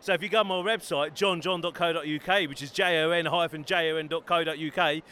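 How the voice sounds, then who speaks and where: A man from Bedford talks about his writing in a forceful, bright voice, pitched a little high. He sounds upbeat and eager and keeps plugging his books. A faint hum of traffic sits behind him. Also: fairly even intonation, quick pace, few pauses. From Bedford, England. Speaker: author. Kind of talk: enthusiastic self-promoting interview. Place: busy trade fair hall.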